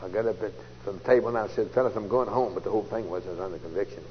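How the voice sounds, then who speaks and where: A man telling his conversion story as a sermon, folksy and storytelling, jumping from loud outbursts to hushed asides. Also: lowish voice, very fast. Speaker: preacher giving testimony. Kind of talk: testimony sermon. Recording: dull old tape recording in a large hall, faint hiss.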